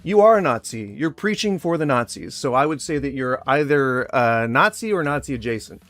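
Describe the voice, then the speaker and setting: A man's voice: medium pitch, expressive, normal speed, fairly bright tone, soft background music. A man in his forties from Sacramento, California, delivering a heated, profane, sarcastic rant straight to camera in reply to a critic. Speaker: vlogger responding to a critic. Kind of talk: ranting direct-to-camera rebuttal.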